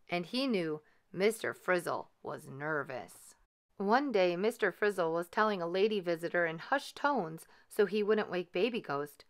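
A woman gently and expressively reading a children's story aloud. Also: lowish voice.

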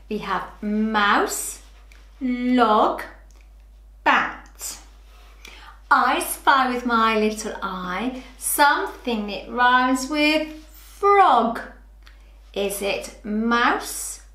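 A woman teaching young children, speaking slowly and clearly and drawing out rhyming words in a sing-song way. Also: on the high side, pushed and bright, reverberant. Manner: slow, clear and exaggerated, stretching rhyming words. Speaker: preschool teacher.

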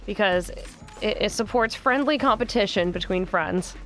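A woman's voice: mid-range voice, normal speed, a bit bright, soft background music. A woman hosting a casual gameplay session, teasing her opponent with playful trash talk and laughter. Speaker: gaming channel host.

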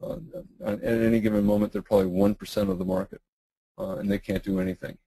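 A middle-aged man, losing his voice and clearing his throat, answering webinar questions in a halting way with many fillers and restarts. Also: high-pitched, big pitch swings, dark tone, no room sound, low-quality recording. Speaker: guest trading educator.

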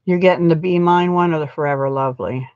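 A woman's voice: sits low, fast talker, a little mellow, dry recording, highs cut off. A middle-aged woman hosting a live crafting stream, chatting in a rambling way as she works, her throat still scratchy from a cold. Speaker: craft channel host.

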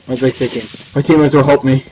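A man's voice: mid-range voice, fairly even intonation, fast talker, mellow, a little hiss or hum, low-quality recording. A man giving casual gameplay commentary, rambling and self-deprecating, with the odd swear. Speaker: gamer. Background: faint game gunfire.

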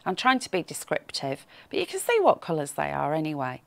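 A woman's voice: low-pitched, wildly swooping pitch, brisk, gravelly, no echo. Friendly chatty lady host, bit of a frog in her throat, dry close sound. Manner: chatty, reads viewer comments aloud, teasing and cheerful. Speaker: craft shopping show host. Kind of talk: live shopping show chat.

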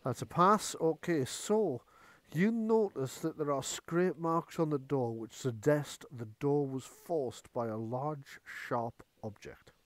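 A man's voice: fairly high pitch, slow pace, hardly any pauses, no echo. A man running a tabletop horror game as game master, chatty, with many fillers and restarts.

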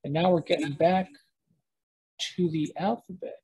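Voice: mid-range voice, fairly even intonation, moderate pace, mellow, breathy edge, low-quality recording. A teacher giving a casual spoken lesson, rambling with many fillers and restarts and thinking aloud while explaining. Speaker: language teacher.

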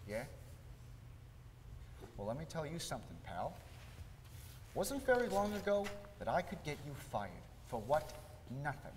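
A man plays a desperate old-school salesman who wheedles, stammers and snaps, his slightly high voice swinging wildly in pitch. He is recorded live in a big echoing hall with faint noise behind. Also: sing-song, measured pace, pauses often. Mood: bitter. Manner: wheedling, stammering, bursts of anger. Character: desperate aging male salesman, pleading and bullying. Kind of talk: live stage acting. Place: theater stage.

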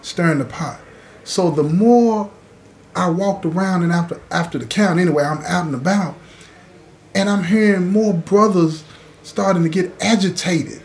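A man's voice: high-pitched, normal speed, darkish tone. A man hosting his own channel, telling a story in a conversational way with frequent asides to the listener. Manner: conversational, often adding "you know what I'm saying". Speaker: host.

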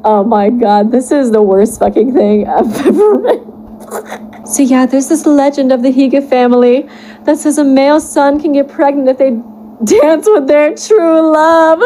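Giggly high-voiced young woman streamer. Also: unhurried, a little hiss or hum, rough recording. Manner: animated, laughing often, mock-horrified outbursts. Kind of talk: reading a fan fiction aloud and playing a game with reactions.

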